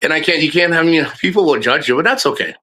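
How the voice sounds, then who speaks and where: Man, middle-aged, bright tone, casual streamer chat, swears, rambling restarts. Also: a little high, fast. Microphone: streaming microphone.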